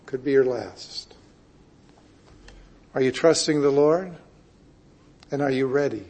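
A man preaching a sermon, reading scripture and explaining it with emphatic swings between loud declarations and hushed asides. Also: mid-range voice, takes it slowly.

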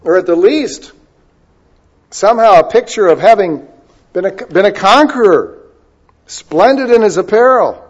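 A male preacher giving a sermon, moving between loud emphasis and quiet asides and stretching key words out slowly. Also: sits high, expressive, breathy edge. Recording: dull lo-fi recording.

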